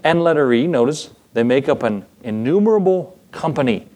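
A man's voice: medium pitch, animated, moderate pace, warm tone. A male pastor preaching a sermon in a casual, folksy way, with asides and chuckles.

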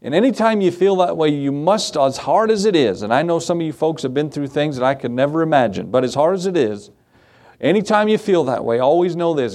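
A male pastor delivering an evening sermon in an easy, talkative manner. He leans on rhetorical questions, little laughs and asides to the congregation. His voice sits at an ordinary middle pitch, swinging up when he stresses a point and sinking low as phrases trail off. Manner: conversational preaching with rhetorical questions and soft laughs.

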